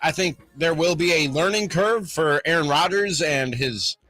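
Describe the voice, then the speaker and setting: Bright-toned co-host talking picks. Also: male voice, on the high side, normal speed, soft background music. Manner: thinks aloud, changes his mind mid-pick. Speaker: sports radio co-host. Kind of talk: casual sports talk.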